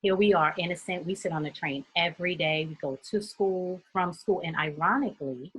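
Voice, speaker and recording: A woman from New York, a youth mentor, telling a personal story in an earnest, steady way during a group discussion on a video call. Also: lowish voice, brisk, breathy edge, low-quality recording.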